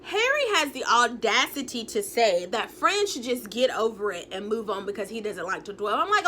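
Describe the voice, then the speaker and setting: A woman vlogger giving a casual, animated and blunt recap of a reality show, with some swearing. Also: fairly high pitch, moderate pace, few pauses, slight background noise.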